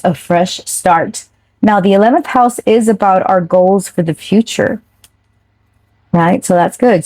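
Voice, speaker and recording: A woman's voice: mid-range voice, mellow, no room sound. A woman giving a casual, chatty tarot reading straight to her viewers, now and then swearing offhand. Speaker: tarot reader.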